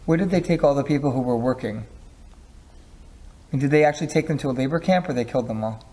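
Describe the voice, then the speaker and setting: Man asking brief gentle interview questions. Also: mid-range voice, fast.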